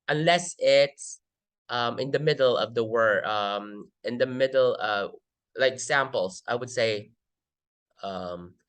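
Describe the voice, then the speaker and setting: Slow-talking Filipino woman tutor. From Philippines. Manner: switches between English and Tagalog, slow and drawn out with many pauses; lively, sliding pitch when modeling words. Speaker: IELTS tutor. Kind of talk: casual tutorial teaching.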